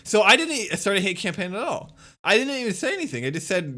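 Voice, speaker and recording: A man's voice: high-pitched, very animated, quick pace, bright, forceful tone. A young man ranting casually as a streamer, exasperated and swearing as he rebuts a critic point by point.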